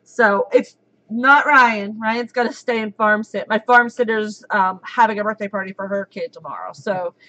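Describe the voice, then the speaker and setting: A woman in her thirties hosting a casual live chat, giddy, giggly and excitable. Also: mid-range voice, moderate pace, rough recording. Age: 30s. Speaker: livestream host.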